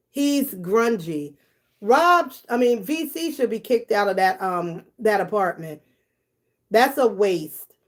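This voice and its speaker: Slow-talking blunt woman streamer. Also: fairly high pitch. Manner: blunt, profane, gossipy, laughs often; talks directly to her viewers. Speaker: live stream host reading chat. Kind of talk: casual live-stream commentary.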